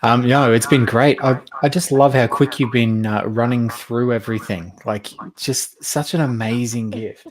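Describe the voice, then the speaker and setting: A man's voice: mid-range voice, fairly even intonation, moderate pace, few pauses. A man hosting an online summit, chatting casually over a video call, hesitant with many ums and restarts. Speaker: summit host. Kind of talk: casual interview chat.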